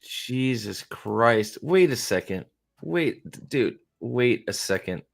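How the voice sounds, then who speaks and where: A man's voice: mid-range voice, expressive, takes it slowly, gravelly. A young man hosting a show review, giving profane, exasperated, sarcastic reaction commentary as he watches an episode.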